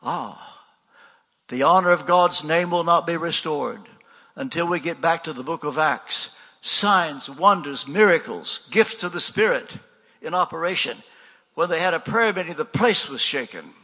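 An older man preaches a sermon conversationally, posing rhetorical questions and repeating refrains. His voice is a little high and sharp in tone, with lively intonation and an unhurried pace, and it carries a big-room sound.

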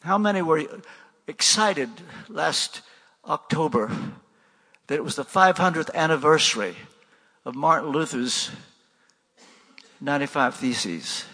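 Older man, preacher, gravelly, raspy, fairly high voice, rhetorical questions. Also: expressive, a little slow, pauses often, sharp tone, big-room sound. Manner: conversational, rhetorical questions and repeated refrains. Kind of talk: sermon.

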